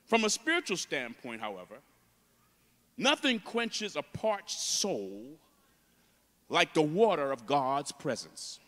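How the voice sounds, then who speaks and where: A man preaches in a big church, his high voice swooping and climbing as he gets fervent. His tone is bright and ringing, and the sanctuary's long reverb trails every phrase. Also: slow pace, long pauses. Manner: builds from calm teaching to loud fervent preaching. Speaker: guest preacher. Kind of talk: preaching a sermon. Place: large church.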